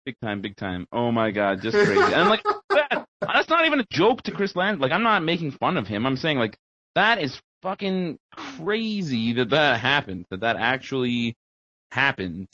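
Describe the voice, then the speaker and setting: A man's voice: sing-song, normal speed, pushed and bright, dull audio. A man on a podcast, rambling and swearing through casual stories with a lot of swing in his voice. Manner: profane, rambling storytelling with big pitch swings. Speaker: podcast co-host.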